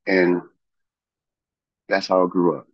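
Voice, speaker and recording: A middle-aged man, a podcast guest, telling a personal story in a halting way, with many fillers and restarts. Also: low voice, little pitch movement, dry recording, muffled recording.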